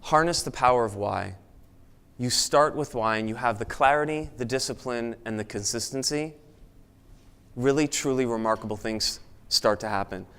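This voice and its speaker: A man giving a motivational talk at a networking event, speaking with energy and now and then mimicking excited chatter in a raised voice. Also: medium pitch, moderate pace, clean tone. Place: event room with an audience.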